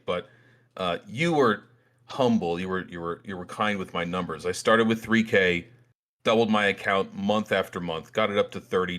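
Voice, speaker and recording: A man hosting a trading channel, telling a story about himself in a casual monologue at his desk, with animated, self-mocking outbursts. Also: on the low side. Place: small room at his desk.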